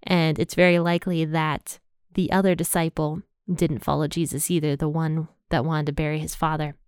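A woman hosting a Bible podcast, walking through verses in a relaxed, conversational way with everyday phrasing. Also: sits low, normal speed, clean tone, dry recording, studio quality. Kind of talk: casual Bible study teaching.

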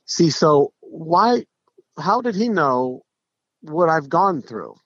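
A middle-aged man, a podcast guest, telling stories in a casual, animated way, with frequent restarts and acted-out quotes. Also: fairly high pitch, slow, dry recording. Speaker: podcast guest, pro golfer. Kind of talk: casual storytelling. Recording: dull lo-fi podcast audio.

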